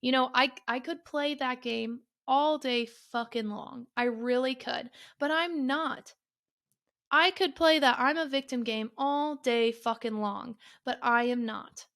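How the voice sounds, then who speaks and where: A woman's voice: high voice, measured pace, fairly bright tone. A young woman hosting a solo podcast, ranting bluntly and emphatically, swearing often and repeating her points. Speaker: podcast host.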